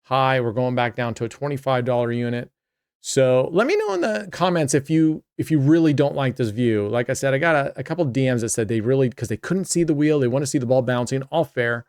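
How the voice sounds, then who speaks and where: Chatty male host, smooth voice, dry close sound, casual roulette play-by-play. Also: mid-range voice, expressive, fairly quick, a little mellow, no room sound. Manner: chatty, talks to himself and viewers.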